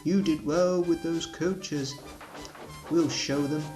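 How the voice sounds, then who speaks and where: A man voicing a big, proud male express engine in a storybook reading, slow and gruff. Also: fairly high pitch, steady tone, a little mellow, faint music behind. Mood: friendly.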